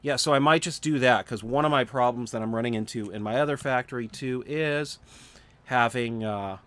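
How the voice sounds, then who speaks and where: A man's voice: medium pitch, normal speed, fairly bright tone. A sleepy, yawning man casually talking through his gameplay on a livestream, thinking aloud with lots of fillers and restarts. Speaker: gaming livestreamer. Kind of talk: casual live gameplay commentary.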